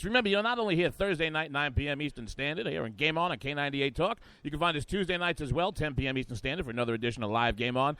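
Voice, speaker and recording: Loud brash talk radio guy, high bouncy voice, dead dry studio sound. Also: very fast, few pauses, clear, resonant tone, no echo. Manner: brash, hyped, riffing. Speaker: radio talk show host.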